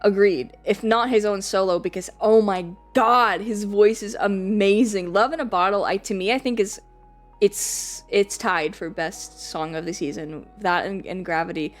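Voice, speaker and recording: Woman streamer, casual live chat, rambly and giggly, cusses freely, mid-pitched voice. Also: normal speed, soft background music.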